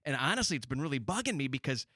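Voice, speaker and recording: A man from Wisconsin with an Upper Midwestern accent, co-hosting a podcast in chatty, animated storytelling. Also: mid-range voice, rapid-fire, no room sound, studio quality. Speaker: podcast co-host. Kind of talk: casual chat.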